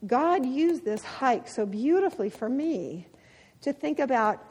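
A woman's voice: high voice, measured pace. A middle-aged woman giving a devotional talk full of personal stories, laughing often as she tells them. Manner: laughs often, animated storytelling. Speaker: women's ministry speaker. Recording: long hall reverb.

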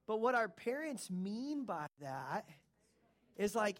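A man in his thirties preaching a sermon, talking to his listeners and rising to loud, emphatic peaks. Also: high-pitched, expressive, normal speed. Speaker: pastor.

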